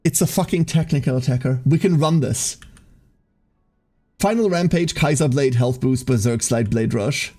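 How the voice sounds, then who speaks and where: A man's voice: medium pitch, moderate pace, a little mellow. A man giving casual gaming commentary on a stream, wry and sweary, with laughs.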